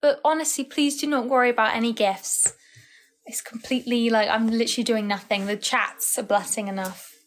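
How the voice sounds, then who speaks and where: A woman's voice: a little high, fairly even intonation, fairly quick. Chatty young woman livestreaming. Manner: rambling, chatty, laughs often. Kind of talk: casual live-stream chat.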